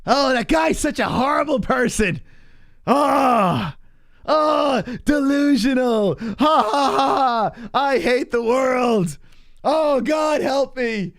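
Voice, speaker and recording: A man putting on a shrill, whining voice to mock an outraged hater. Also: expressive, fairly bright tone, no room sound, studio quality, full character voice. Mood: mocking whine. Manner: shrieking, drawn-out, exaggerated whining.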